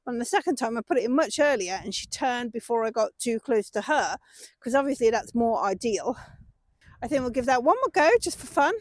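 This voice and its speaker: Woman, high voice, dry close sound, casual horse vlog, encouraging and chatty. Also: animated, brisk, no room sound. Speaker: horse owner and channel host. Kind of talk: casual vlog narration while working a horse. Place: outdoors in a field with horses.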